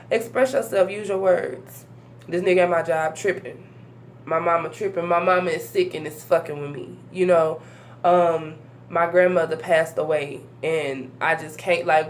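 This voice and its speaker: A young woman talks bluntly to camera, profane and preachy, with quick asides to her viewers. Her voice sits a little low for a woman. A faint hum runs behind her. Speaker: vlogger. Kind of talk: casual talking-to-camera vlog.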